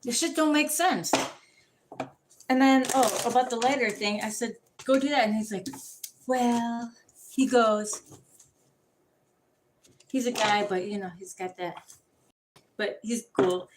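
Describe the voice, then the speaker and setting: A woman's voice: on the high side, slow pace, long pauses, background noise. Profane rambling woman ranting to camera. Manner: profane, rambling, animated storytelling. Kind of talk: casual rant to camera.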